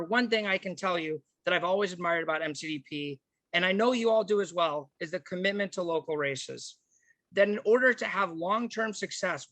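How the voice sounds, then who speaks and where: A man making an energetic fundraising appeal at a virtual party convention, thanking donors district by district over a video call. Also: high voice, no room sound. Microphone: computer mic on a video call.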